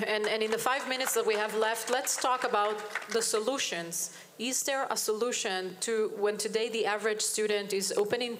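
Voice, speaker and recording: A woman moderating a conference panel, asking brisk, direct questions. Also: medium pitch, fairly bright tone.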